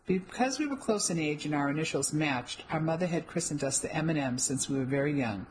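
A woman reading a first-person mystery novel aloud in an even, descriptive storytelling manner. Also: deep voice, brisk, hardly any pauses, slight background noise, poor audio. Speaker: audiobook narrator.

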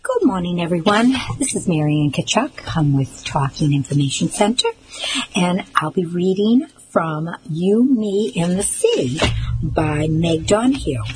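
A woman with a fairly low voice reads a novel aloud for a reading service. Her delivery is even and measured, with a faint hiss in the background. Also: poor audio. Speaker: volunteer reader for a reading service. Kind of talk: audiobook reading.

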